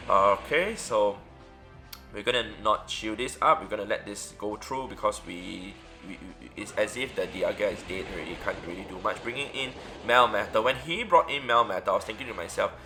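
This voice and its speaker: Man calmly talking through a game. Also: fairly low pitch. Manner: relaxed, thinking aloud with fillers. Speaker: gaming YouTuber. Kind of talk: casual gameplay commentary.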